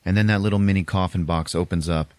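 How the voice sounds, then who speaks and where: A man hosting a podcast and recapping a horror film in a casual way, animated and laughing often. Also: low-pitched, quick pace, smooth, dry recording. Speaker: podcast host.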